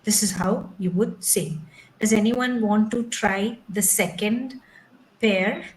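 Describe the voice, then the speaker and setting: A woman leads an online training session over a video call. She speaks slowly and patiently, explaining each step. English is not her first language, and her pitch sits in the middle range. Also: poor audio. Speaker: trainer teaching English pronunciation.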